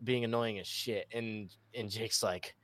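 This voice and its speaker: A man's voice: on the low side, measured pace, dry recording. A man chatting on a podcast, telling a laid-back story about playing games with friends. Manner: relaxed storyteller, mimics a friend yelling. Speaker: podcast co-host. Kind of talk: casual chat.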